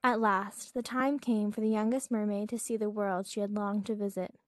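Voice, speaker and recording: Softly reading woman, dry close sound. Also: medium pitch, level tone, normal speed, no room sound. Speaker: podcast host reading aloud. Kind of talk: gentle storybook reading.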